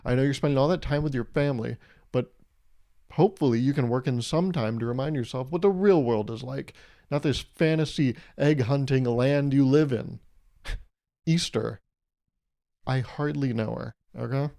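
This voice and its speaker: The young man hosting this podcast has a mid-range, creaky, dark voice and keeps a moderate pace. His solo comedic monologue rambles along in a sarcastic, mock-serious style, punctuated by laughter at his own jokes.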